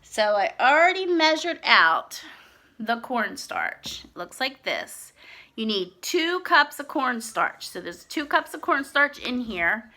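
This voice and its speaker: A woman reading a picture book aloud to young children in a slow, expressive sing-song voice, then showing a simple craft. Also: high-pitched. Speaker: children's storyteller and craft host.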